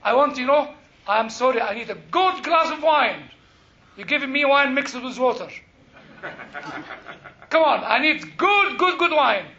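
A man leads a Bible class with a very high, bright voice, animated and joking as he quizzes the room. The recording is dull and lo-fi. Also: a little slow, long pauses. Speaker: Bible study teacher. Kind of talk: interactive class teaching. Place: classroom with a group.

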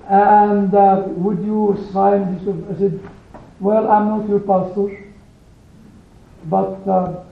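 A high-voiced male teacher leads a small Bible study group, telling a story in an animated, emphatic way and pausing to stress single words. The phone-like recording was made in an echoey room.

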